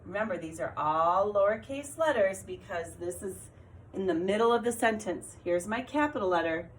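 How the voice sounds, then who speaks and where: A woman teaching small children in a recorded video lesson, her voice sitting at a middle pitch. She talks slowly and clearly, coaxing and praising as she writes. A faint background noise runs under the recording. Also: lively intonation. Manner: slow, clear, encouraging teacher talk. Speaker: kindergarten teacher.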